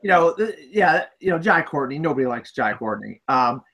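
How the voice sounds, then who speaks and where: A woman's voice: deep voice, very animated, normal speed, a bit bright. A woman co-hosting a casual movie talk show, speaking with emphatic, exasperated outbursts. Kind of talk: casual chat.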